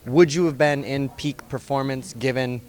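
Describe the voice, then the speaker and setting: A man's voice: medium pitch, steady tone, moderate pace, darkish tone. A man interviewing a fighter, asking long, winding questions. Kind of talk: press questions.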